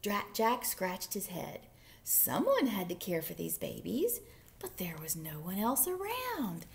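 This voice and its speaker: A woman librarian reading picture books aloud for story time, playful and animated with whispered asides. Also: mid-range voice, measured pace, vocal fry. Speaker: children's librarian.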